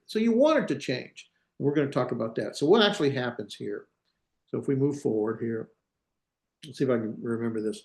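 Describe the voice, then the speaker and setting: A man's voice: mid-range voice, gravelly, darkish tone. A male teacher giving a classroom lecture on grammar, thinking aloud, hesitating and correcting himself as he goes. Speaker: Hebrew teacher.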